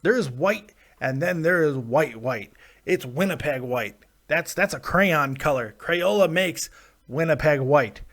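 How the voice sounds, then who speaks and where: A man hosts a loose live show and talks in a rambling, jokey way, often teasing himself. His voice sits slightly high for a man. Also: expressive, a little slow, fairly bright tone. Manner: rambling, self-deprecating, jokey. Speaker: host. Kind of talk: casual live-show talk.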